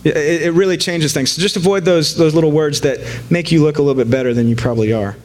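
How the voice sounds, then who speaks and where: A man's voice: a little high, quick pace, darkish tone. Joking, conversational male preacher. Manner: joking, conversational, frequent fillers and restarts. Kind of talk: casual sermon.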